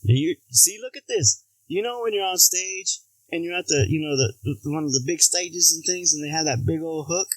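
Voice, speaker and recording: An American man spins stories in a relaxed chat, slipping into other voices for the people he quotes. His voice sits a little high and the sound is dry and close. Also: moderate pace, few pauses, dry recording, poor audio. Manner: animated, acts out quotes in other voices, laughs often. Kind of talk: casual storytelling chat.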